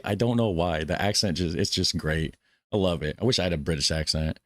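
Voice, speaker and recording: Man, very low voice, casual rambling reaction host, dry close sound. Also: a little fast, dry recording. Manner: rambling, chatty, swears casually. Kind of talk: casual live reaction commentary.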